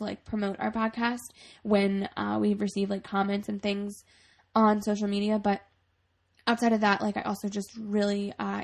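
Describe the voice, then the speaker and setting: A woman's voice: mid-range voice, vocal fry, darkish tone. A young woman hosting a podcast, signing off in a chatty, casual way with lots of fillers and frequent laughs. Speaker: podcast host.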